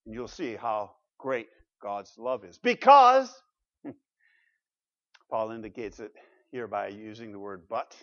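A man preaching an expository sermon, animated and emphatic, with rhetorical questions and repeated phrases. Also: lowish voice, slow pace, pauses often, dull audio. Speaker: pastor.

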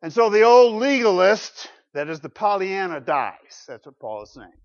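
A man preaching a sermon with dramatic rhetorical questions, swinging from loud to quiet. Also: sits high, very animated, moderate pace, few pauses. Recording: dull lo-fi recording.

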